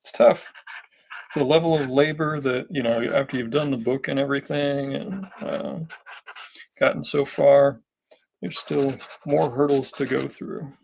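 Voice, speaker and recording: A man streaming a live drawing session, slightly hoarse and talking casually, thinking aloud with lots of fillers and restarts. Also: medium pitch, fairly even intonation, measured pace, a little mellow, slight background noise, rough recording.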